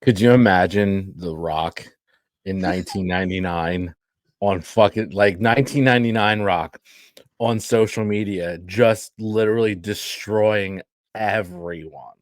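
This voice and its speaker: A man co-hosting a casual podcast, deadpan and loose with swearing. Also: low voice, a little slow, no echo, clean studio sound. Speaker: podcast co-host. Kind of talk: casual chat.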